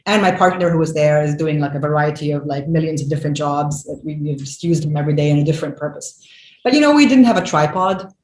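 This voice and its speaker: A woman in her forties, a filmmaker guest, talks in an animated, emphatic way, with many fillers and restarts. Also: low voice, quick pace. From Lebanon. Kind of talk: conversational interview. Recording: echoey room with faint noise.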